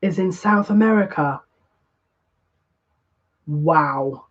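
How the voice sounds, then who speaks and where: Over dull, lo-fi stream audio, a mid-range-voiced psychic reads tarot live for viewers, excitable and breathless yet drawing out words. Her sentences keep cutting off and beginning again.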